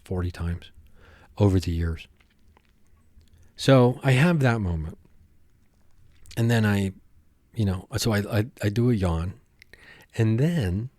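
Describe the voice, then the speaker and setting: Low-voiced man rambling in a dry monologue. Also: darkish tone, no room sound. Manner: rambling, halting, with many restarts. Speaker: podcast host. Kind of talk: casual monologue.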